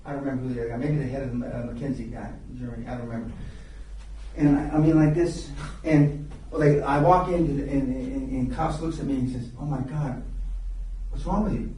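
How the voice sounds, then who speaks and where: At a live seminar, an older man tells stories fast in a steady, mid-range voice with a dark tone. He's blunt and profane, often halting to restart sentences. The room is very echoey, the mic is far away, and there's slight background noise.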